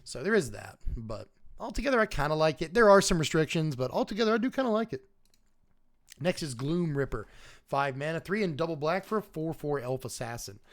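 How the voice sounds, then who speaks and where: A man's voice: on the high side, sing-song, fairly quick. A man hosting a casual livestream card review, talking animatedly, chuckling often and chatting with his viewers. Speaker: host.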